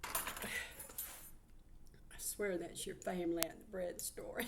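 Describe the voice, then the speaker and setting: A woman's voice: lowish voice, flat delivery, slow, background noise. A woman, giving a heartfelt channeled psychic reading. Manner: heartfelt, earnest, relays messages.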